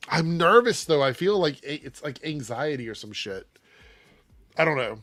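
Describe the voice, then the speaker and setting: Animated man reading news on a livestream. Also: a little high, moderate pace. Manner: animated, reads articles aloud with asides. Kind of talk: casual livestream commentary.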